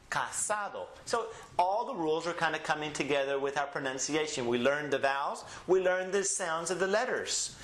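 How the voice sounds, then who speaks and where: A man's voice: fairly high pitch, a bit bright. Patient man teaching in an echoey room. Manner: patient, explains step by step, repeats words slowly. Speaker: Spanish teacher. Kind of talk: recorded language lesson.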